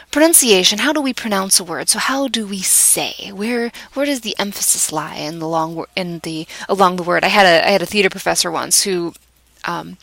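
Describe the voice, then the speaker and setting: A woman lecturing in a measured, explanatory manner, now and then restarting her phrases. Her voice carries a light gravelly fry, recorded dry with little room sound. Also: medium pitch, fairly bright tone, dry recording, poor audio.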